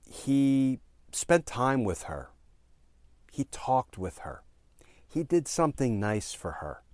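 A man in his fifties, a former prosecutor, telling a story in an earnest, halting way with fillers and emphatic repeated phrases. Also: medium pitch, darkish tone, no room sound, studio quality. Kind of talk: storytelling commentary.

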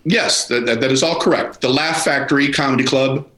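A man's voice: medium pitch, brisk, fairly bright tone, echoey room, low-quality recording. A man, a comedian guest, telling rambling anecdotes in casual chat and acting out the dialogue, from his home office.

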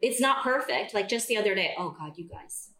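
A woman guest on a podcast telling a story in casual chat, jumping into a higher voice to act out what people said. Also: fairly quick, roomy sound, faint music behind. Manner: animated, acts out quoted dialogue in a raised voice.

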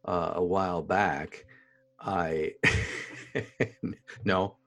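A man's voice: low voice, steady tone, extremely slow. A middle-aged man co-hosting a podcast, talking earnestly in casual chat, laughing easily and repeating his point. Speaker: podcast co-host.

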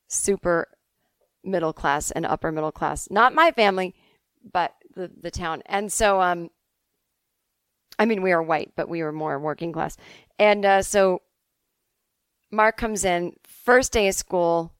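A woman's voice: fairly low pitch, unhurried, long pauses, clean tone, no echo, studio quality. Chatty middle-aged woman podcast host. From Boston suburbs, USA. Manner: chatty, animated, swears freely, acts out quotes. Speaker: podcast host answering listener emails. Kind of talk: casual comedic storytelling.

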